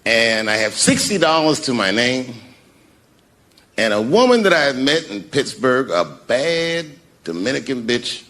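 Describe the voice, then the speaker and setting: A man telling stand-up comedy stories, acting out the people in them and dropping to a hushed mumble for sheepish asides. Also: mid-range voice, a little slow. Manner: animated, acts out the voices of people in his stories.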